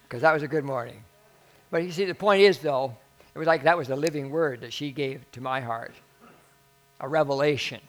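A male pastor tells a story from the pulpit in a relaxed, conversational sermon style. He pokes fun at himself and slips into the voices of the people he describes. His voice sits a little high for a man. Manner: conversational, self-deprecating, acts out the people in his stories.

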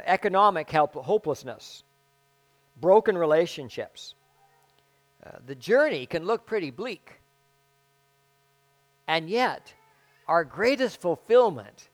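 A pastor with a slightly high voice preaches conversationally, stopping and starting often in a halting, self-deprecating way.

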